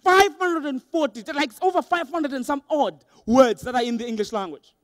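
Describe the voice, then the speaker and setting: A young man with a high, light voice delivers a lively motivational talk to a big crowd. He acts out little scenes and voices for laughs. The sound is dry and close. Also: fairly quick, dry recording. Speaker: motivational speaker. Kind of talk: motivational keynote speech. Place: large hall with a live audience.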